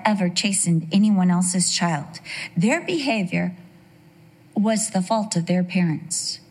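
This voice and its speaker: Woman preaching with storytelling flair. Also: medium pitch. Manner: storytelling, acts out quoted voices, humorous asides. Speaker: women's Bible teacher. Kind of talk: sermon with personal stories.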